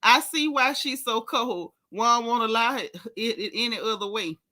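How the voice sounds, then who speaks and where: A woman's voice: on the high side, normal speed. A woman hosting a casual reality TV recap, talking in slang and laughing often. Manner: animated, laughing, heavy slang. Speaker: host.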